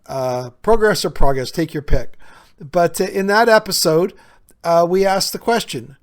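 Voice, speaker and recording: Earnest male podcast host, slightly high. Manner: earnest, conversational, frequent "uh" fillers. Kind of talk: reflective solo podcast talk.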